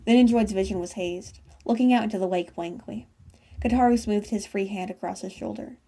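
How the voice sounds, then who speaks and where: Gravelly-voiced woman reading fan fiction. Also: mid-range voice, fairly quick, dark tone. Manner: casual, with stumbles and self-corrections. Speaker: fanfiction reader.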